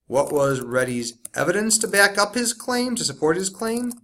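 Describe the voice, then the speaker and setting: Bright-voiced male teacher explaining slowly. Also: high voice, very animated. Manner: explains step by step, slows to stress key words. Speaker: science teacher. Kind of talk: recorded classroom lesson walkthrough.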